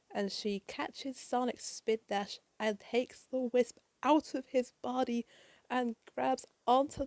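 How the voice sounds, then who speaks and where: A woman's voice: on the high side, creaky, mellow, no echo. A woman narrating a comic book issue in a chatty, casual way, with swearing, fillers and side remarks. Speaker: comic reader.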